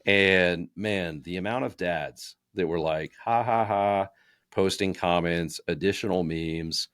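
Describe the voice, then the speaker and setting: A man's voice: low-pitched, fairly even intonation, measured pace, fairly bright tone, no echo, studio quality. A man in his thirties, a podcast co-host in casual chat, talking in loose runs with fillers and restarts. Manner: chatty, many fillers and restarts, acts out quotes. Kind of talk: casual podcast chat about personal branding.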